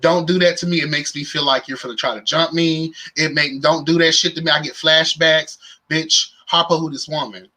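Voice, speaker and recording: A man's voice: on the high side, a little fast, few pauses, low-quality recording. A young man hosting a live reality show recap in casual, campy commentary, with sass, slang. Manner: sassy, campy, animated with slang and exclamations.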